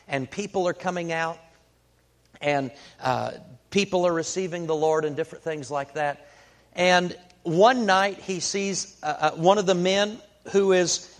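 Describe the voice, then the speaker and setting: A man preaching a sermon, telling a folksy story in an unhurried way with many fillers. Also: on the high side.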